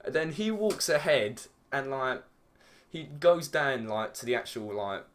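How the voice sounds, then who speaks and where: Rambling English teen lad, swearing. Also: male voice, mid-range voice, expressive, unhurried, fairly bright tone. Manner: rambling, swears a lot, heavy use of "like". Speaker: vlogger. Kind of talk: casual storytelling.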